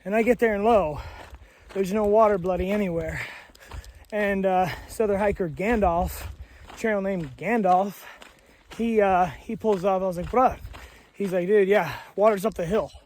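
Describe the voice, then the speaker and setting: A man's voice: high-pitched, normal speed, darkish tone, a little hiss or hum. A young man vlogging outdoors on a hiking trail, talking casually with slang and swearing, ranting about other hikers. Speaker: long-distance hiker filming his trail day. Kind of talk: casual vlog.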